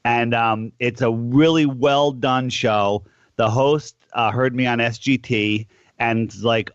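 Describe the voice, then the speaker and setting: A man hosting a call-in radio show, rambling casually with lots of restarts and drawn-out words. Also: medium pitch, steady tone, no room sound. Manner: rambling, restarts often, stretches words out slowly. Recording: dull lo-fi sound.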